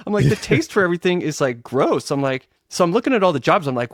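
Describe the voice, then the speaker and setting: A middle-aged man co-hosting a podcast in casual chat, telling stories and acting out quoted lines with big jumps in pitch. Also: big pitch swings, quick pace, no room sound, clean studio sound. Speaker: guest co-host, web developer.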